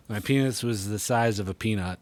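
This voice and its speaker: A man's voice: on the low side, moderate pace. A man with a mild Wisconsin accent, co-hosting a casual gaming podcast and telling tall tales with a straight face. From Wisconsin, USA. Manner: joking, tells tall tales deadpan. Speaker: podcast co-host.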